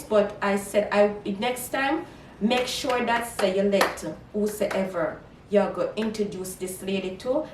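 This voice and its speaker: A woman's voice: mid-range voice, darkish tone, a little hiss or hum. A woman, telling a casual storytime vlog and animatedly quoting herself in Creole. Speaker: vlogger. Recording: echoey room, mic at a distance.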